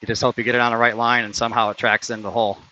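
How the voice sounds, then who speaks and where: Guy narrating his own mini golf round outside, bright edgy voice, kinda muffled lo-fi stream audio, gets worked up over missed putts. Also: medium pitch, little pitch movement, very fast, a little hiss or hum. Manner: competitive, frustrated, swearing after bad shots. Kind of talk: casual play-by-play while playing. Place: outdoor mini golf course.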